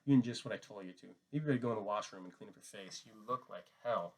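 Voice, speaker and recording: A man voicing a small, sharp, protective male ranch hand who talks in an urgent, clipped way. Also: fairly low pitch, fast. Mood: reassuring.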